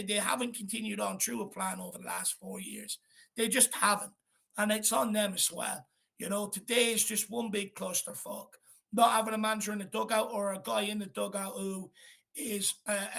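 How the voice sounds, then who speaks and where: A man's voice: high voice, steady tone, moderate pace, vocal fry, bright, forceful tone. A man hosting a live football fan chat, angry and blunt, swearing as he vents. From Ireland. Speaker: fan channel host.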